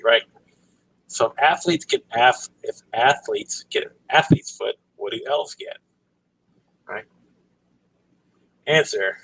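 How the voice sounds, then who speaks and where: Husky man telling stories on a livestream. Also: medium pitch, low-quality recording. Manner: relaxed storytelling, many ums and "right?". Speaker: livestream host. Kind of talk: casual livestream chat.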